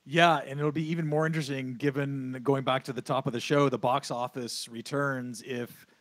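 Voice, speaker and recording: A man's voice: medium pitch, fairly even intonation, moderate pace, dry recording. A man hosting a casual podcast discussion, handing the floor to guests with short prompts. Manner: brief prompts, short agreements. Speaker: podcast host.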